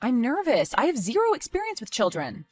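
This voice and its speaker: A young babysitter in over her head, talking in a frantic, pleading rush. Her voice swings widely, climbing sharply when she feels ignored. Soft music hums behind her in this animated story. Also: fairly high pitch, brisk. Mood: nervous. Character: anxious young woman babysitting, easily alarmed. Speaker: stepmother-to-be left babysitting.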